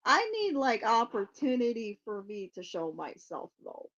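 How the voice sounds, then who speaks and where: Woman psychic host chatting on stream, slow and kinda high voice, laughs a lot, swears, muffled lo-fi audio. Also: very animated. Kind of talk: casual livestream chat.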